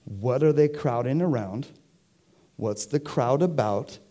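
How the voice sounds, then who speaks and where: Slow, mellow-voiced preacher. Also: male voice, medium pitch. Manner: conversational, asks the congregation questions. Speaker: pastor. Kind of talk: sermon. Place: church.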